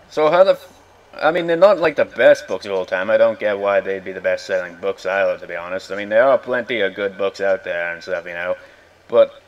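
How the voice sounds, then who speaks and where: On a lo-fi recording, a young man hosting a gaming video rants casually over gameplay in a lowish voice. He rambles, sounds exasperated, and swears often as he comments on the game.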